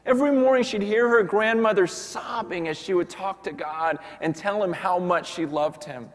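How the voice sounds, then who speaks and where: A man, a pastor, preaching a sermon and telling a story in quoted voices, swinging from hushed to loud. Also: sits high, moderate pace. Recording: long hall reverb.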